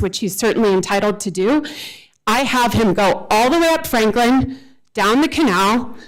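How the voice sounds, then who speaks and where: A woman in her forties giving unprepared public comment at a city council meeting, earnest and halting, with many restarts. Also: medium pitch, rough recording. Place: council chamber, speaking at a podium.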